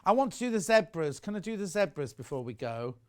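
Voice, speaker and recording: A man's voice: a little high, very animated, fast talker, clean tone. A British man presenting live on a shopping channel, chatty and rambling as he sells sewing goods. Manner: chatty, rambling, reads out viewer messages.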